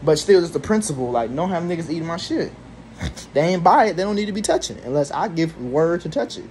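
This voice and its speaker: Young man, slightly high voice, rambling profane rant, fed up, casual vlog talk. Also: lively intonation, quick pace, darkish tone, slight background noise. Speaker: vlogger. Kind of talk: casual ranting monologue.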